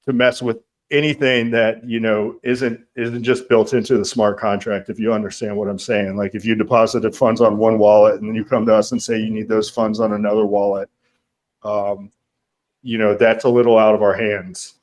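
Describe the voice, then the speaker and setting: A lower-pitched man with a flat, monotone delivery answers a question for his team. He hesitates and restarts his sentences often, and his tone stays even throughout. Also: normal speed. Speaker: platform team member. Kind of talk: live online Q&A.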